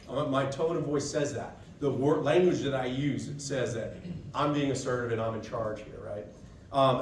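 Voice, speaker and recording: Man presenter at a trade seminar, slightly high voice, loose and chatty, recorded off-mic in a roomy space. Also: a little hiss or hum. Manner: casual, conversational, keeps asking "right?". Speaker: seminar presenter to dent repair technicians. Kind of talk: live trade-show seminar talk. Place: expo session room. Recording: echoey room, voice picked up from a distance.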